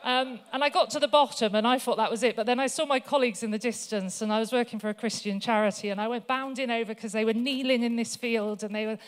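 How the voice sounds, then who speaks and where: A woman gives a church talk in a chatty, story-led way. Her voice sits a little high, and she often pauses on fillers as she moves from stories to faith. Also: steady tone. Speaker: guest speaker.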